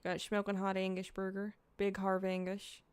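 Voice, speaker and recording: A woman's voice: medium pitch, completely flat delivery, normal speed, clean tone, dry recording. A young woman streaming, chatting casually to her viewers while eating, rambling and swearing freely. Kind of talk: casual livestream chat, eating on camera.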